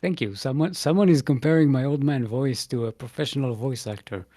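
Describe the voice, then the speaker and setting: A man's voice: mid-range voice, a little fast, mellow. A man commentating a live strategy game match in a casual, playful way, often laughing and joking between play calls. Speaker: esports caster.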